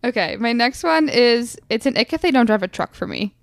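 A woman's voice: a little high, expressive, brisk, gravelly, no echo, clean studio sound. A woman co-hosting a podcast in casual chat, emphatic and opinionated, with many fillers. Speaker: podcast co-host.

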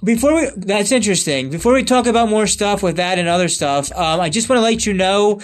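A man with a high voice hosts a casual podcast, wandering from topic to topic with lots of "um"s and restarts. Soft music plays faintly behind him. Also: expressive, fairly quick. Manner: rambling, many fillers and restarts. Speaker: podcast host.

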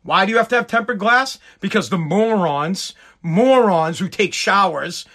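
A man from the United States delivers a profane live-stream rant in a strikingly high voice. His tone is sharp and bright. He is sarcastic and mocking the whole way through. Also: animated, normal speed.

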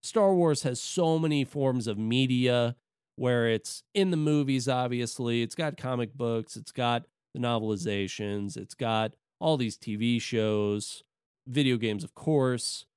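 A man's voice: mid-range voice, unhurried, a little mellow, clear, resonant tone, no room sound, clean studio sound. A man co-hosting a podcast, chatting casually about video games with lots of fillers and restarts. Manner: rambling, with many fillers and restarts. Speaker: podcast co-host.

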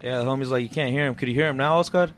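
A man's voice: medium pitch, racing, soft background music. A laid-back man hosts a podcast from a small studio. He swears freely, drops in bits of Spanish and keeps the talk loose and easygoing. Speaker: podcast host. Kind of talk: casual chat.

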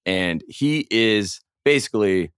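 Young male podcast co-host, low voice, dry close mic, excitable rambling storyteller. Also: slow pace, clean tone, no room sound. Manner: animated, rambling storyteller with many restarts. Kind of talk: casual sports chat.

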